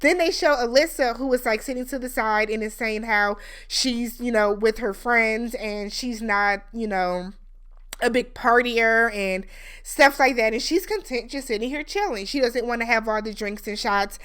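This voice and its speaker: A woman's voice: a little high, normal speed, a bit bright, clear, resonant tone. A woman hosting a reality TV recap, talking in a chatty, opinionated way with lots of fillers. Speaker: recap show host. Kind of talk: casual TV recap commentary.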